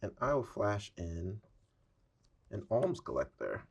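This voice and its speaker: Low gravelly man playing cards. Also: slow pace. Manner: steady, reads card text aloud. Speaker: card game player. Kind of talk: casual tabletop play.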